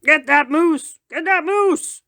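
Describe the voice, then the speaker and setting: A woman doing a shouting trigger-happy hunter. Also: high voice, animated, slow pace, no room sound, studio quality, pitched above the performer's own voice, full character voice. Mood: commanding. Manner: shouting commands. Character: bloodthirsty male hunter barking orders.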